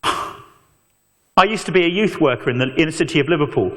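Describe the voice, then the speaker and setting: Man, preacher, lively swinging delivery, slightly high voice, long hall echo. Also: normal speed, a little hiss or hum. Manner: animated storytelling with mock voices and asides. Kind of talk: evangelistic talk to students.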